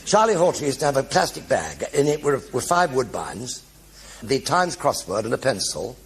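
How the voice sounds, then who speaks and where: An older man telling anecdotes in a one-man stage show before an audience, animated and acting out the voices of everyone in his stories. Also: mid-range voice, normal speed, a little hiss or hum. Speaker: stage performer.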